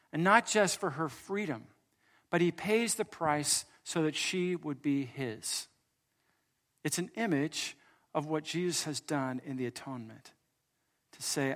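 Higher-voiced pastor preaching. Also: male voice. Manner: storytelling with wide swings between loud emphasis and soft, hushed lines; jokes with the congregation. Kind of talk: sermon.

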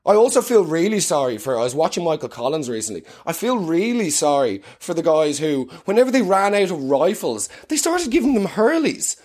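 A man's voice: a little high, very animated, a little fast, hardly any pauses, a little mellow. An Irish man, around thirty, delivering a swearing, self-mocking comic monologue. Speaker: comedian.

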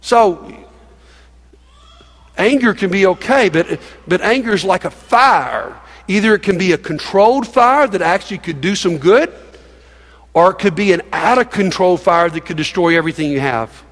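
A man's voice: sits high, lively intonation, moderate pace, a bit bright, in a large hall. A man pastor preaching a sermon in a church, emphatic and folksy, coaxing the congregation to join in. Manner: emphatic, folksy, with laughs and audience prompts.

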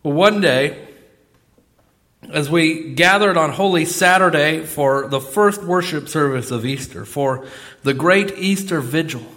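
A middle-aged male pastor preaching a sermon in a church, swinging between loud exclamations and soft asides. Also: a little high. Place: church sanctuary.

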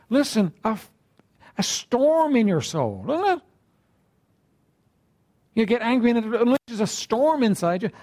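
A man preaching a sermon in a conversational way, asking rhetorical questions and often clearing his throat. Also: extremely high pitch, a little mellow.

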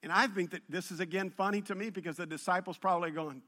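A man preaching a sermon, telling the story in an animated, humorous way that builds in intensity. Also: sits high, fast talker, hardly any pauses. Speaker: pastor.

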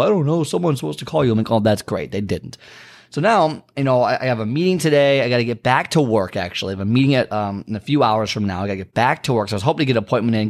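Guy talking fast on his podcast, rambly, venting then pep-talking. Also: mid-range voice. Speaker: podcast host. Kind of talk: casual solo podcast monologue.

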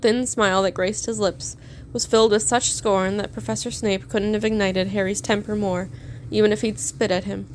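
A woman narrating a story aloud in a steady, measured reading. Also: mid-range voice, slight background noise. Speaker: fan fiction reader.

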